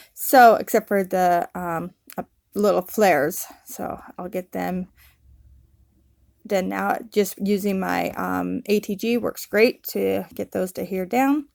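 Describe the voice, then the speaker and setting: A woman narrating her scrapbooking process in a relaxed, casual voice-over, with many ums and uhs. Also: medium pitch, vocal fry, no room sound, studio quality. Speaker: scrapbooking channel host.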